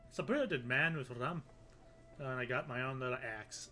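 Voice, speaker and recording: A man's voice: medium pitch, normal speed, pushed and bright, faint music behind. An American man giving casual, wry commentary while playing a video game, with muttered asides. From United States. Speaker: game streamer.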